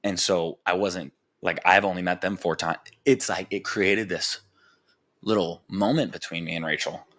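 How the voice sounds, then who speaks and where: Deep-voiced young man rambling on a podcast. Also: fairly even intonation, moderate pace, fairly bright tone. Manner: rambling, frank and profane, full of "like" fillers. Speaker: podcast host. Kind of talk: candid personal podcast monologue.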